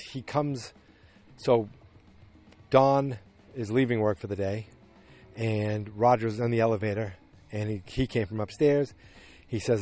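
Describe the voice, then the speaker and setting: A man hosting a podcast, casually recapping a TV episode in a rambling, animated way. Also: on the low side. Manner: rambling, animated retelling with acted quotes. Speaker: podcast host.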